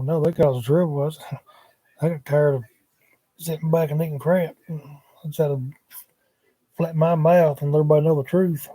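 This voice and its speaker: A man's voice: a little high, fairly even intonation, moderate pace, long pauses, dark tone, dry recording. A man, rambling casually on a livestream from his couch at home, talking into a laptop microphone in a drawling, wandering way with muttered asides.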